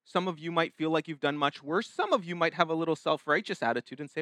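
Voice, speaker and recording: A man's voice: on the high side, expressive, brisk, bright, forceful tone, no echo, clean studio sound. A male pastor preaching a sermon in a conversational way, restarting phrases and acting out quotes.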